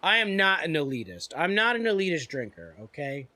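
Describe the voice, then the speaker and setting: A man's voice: a little high, huge pitch swings, a little fast, pushed and bright. A young man streaming a game live, rambling and joking in casual chat and swearing freely. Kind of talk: casual gaming livestream chat.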